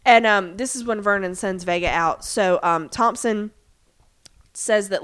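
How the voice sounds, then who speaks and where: A woman's voice: mid-range voice, a bit bright, clear, resonant tone. Chatty woman recapping a tv episode. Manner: recaps scenes with quick acted-out quotes, lots of "um" and "like". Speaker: podcast co-host recapping a TV episode. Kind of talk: casual chat.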